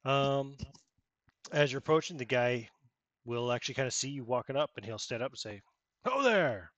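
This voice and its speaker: A man's voice: mid-range voice, fairly even intonation, a little fast, a bit bright, no room sound, highs cut off. A man narrating a tabletop game as game master, in a casual way with many fillers and self-corrections.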